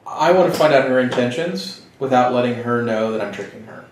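A man playing a tabletop role-playing game, speaking smoothly and persuasively in character. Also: medium pitch, expressive, fairly quick. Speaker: player. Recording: very echoey room, distant mic.

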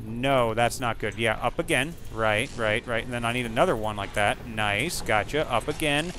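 A man giving profane, excitable live commentary while playing a video game and yelling at what happens on screen. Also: medium pitch, moderate pace, slight background noise. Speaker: gaming streamer.

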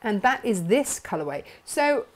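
A woman hosting a craft live stream, chatting brightly and reading out viewer comments with frequent laughs. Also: on the high side, very animated, normal speed, slight background noise. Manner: bubbly, chatty, laughs often.

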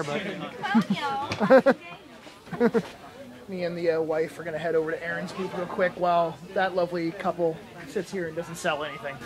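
A man with a fairly high voice chats casually and jokes as he hosts a vlog, laughing often. A thick crowd murmur fills the background of the busy market hall. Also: steady tone, normal speed. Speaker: vlogger host. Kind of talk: casual chat. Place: flea market booth. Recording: noisy crowded flea market. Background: busy crowd and music.

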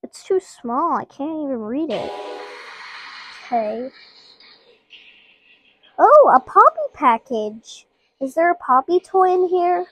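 A woman's voice: high-pitched, big pitch swings, slow pace, pauses often, a bit bright, slight background noise. A woman giving casual, playful gameplay commentary, chatting to her viewers as she plays. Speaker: gaming channel host.

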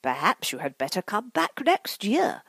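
A woman's voice: mid-range voice, wildly swooping pitch, normal speed, creaky, a bit bright, slightly rough, no room sound, pitched above the performer's own voice, full character voice. A woman reading aloud, voicing a disdainful male store manager in a storybook.

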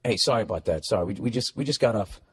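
Pushy drunk guy on a plane, low and nosy, as a husky comic mimics him. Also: expressive, fast talker. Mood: apologetic. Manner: nosy, accusing. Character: pushy drunk male airline passenger, thirties.

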